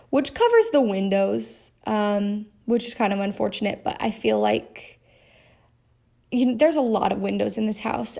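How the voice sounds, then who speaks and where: Young woman chatting over her game footage, kinda rambly, voice a bit high. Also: darkish tone. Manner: chatty, rambling, many fillers. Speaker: game streamer. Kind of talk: casual voice-over commentary.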